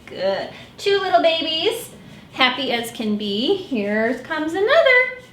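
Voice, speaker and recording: A woman children's librarian reads a picture book aloud at storytime, animated and expressive. Her voice sits high and swoops a great deal, with a bright edge. It is recorded in an echoey room with faint background noise. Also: slow.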